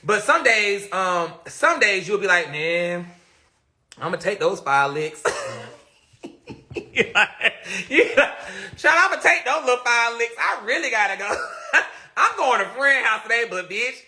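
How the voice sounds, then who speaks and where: A man telling a story casually on a live stream, animated and laughing often as he talks to viewers. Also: very high voice, a little slow, pauses often.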